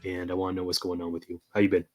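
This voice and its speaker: A man co-hosting a podcast in casual chat, upbeat and energetic, recovering from a cold. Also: deep voice, very fast, soft background music. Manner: upbeat, energetic, laughs easily. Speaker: podcast co-host.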